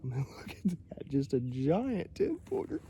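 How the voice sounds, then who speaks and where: A man filming on his phone outdoors in the woods, out of breath, talking in a hushed, awed way with soft exclamations. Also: mid-range voice, huge pitch swings, moderate pace, background noise. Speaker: bow hunter filming his hunt. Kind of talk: casual outdoor vlog talk. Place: outdoors in wooded logging country.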